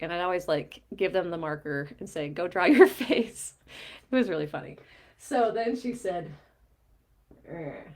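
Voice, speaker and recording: Woman coach retelling a session. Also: mid-range voice. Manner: animated storytelling, quoting both sides of a conversation with light laughs. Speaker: mindset coach. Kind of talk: explaining a coaching diagram while recounting a session.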